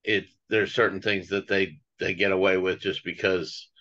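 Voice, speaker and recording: Deep-voiced male host, muffled sound. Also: moderate pace. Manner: calm, affirming, short acknowledgements. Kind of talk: casual interview hosting.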